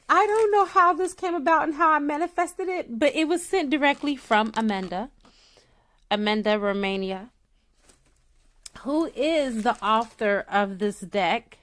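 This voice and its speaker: Woman, tarot reader, casual chat, emotional, gushing, fairly high voice, excitable. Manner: emotional, gushing, near tears; animated and excitable, swings from soft to loud.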